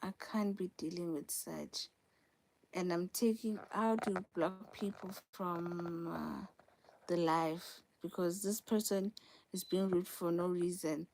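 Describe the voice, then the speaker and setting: A woman's voice: lowish voice, steady tone, slow pace, darkish tone, slight background noise. A young woman hosting a casual live stream from her phone, talking straight to viewers and repeating herself for emphasis. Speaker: livestream host.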